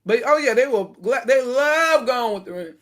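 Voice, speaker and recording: A woman giving casual spoken commentary to her viewers, indignant and animated, laughing between her points. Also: fairly high pitch, normal speed. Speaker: video commentator.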